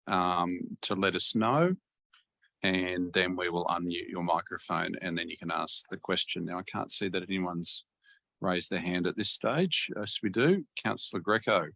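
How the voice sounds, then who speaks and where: A man chairing a council webinar, measured and hesitant with many fillers. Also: low-pitched, pushed and bright. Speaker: meeting chair.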